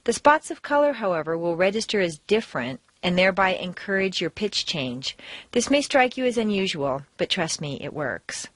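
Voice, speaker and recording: A woman with an American accent giving a recorded pronunciation lesson. She talks in clear, deliberate instructions and exaggerates word stress to demonstrate it. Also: on the low side, very animated, dry recording. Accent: General American. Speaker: accent trainer.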